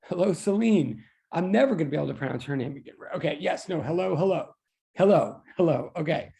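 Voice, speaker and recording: A man teaching an online physics class, talking in a rambling, self-deprecating way over a computer mic. His voice sits high but sounds dark and mellow, with a gravelly edge. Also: expressive, brisk. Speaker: physics instructor. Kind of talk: online class greeting students.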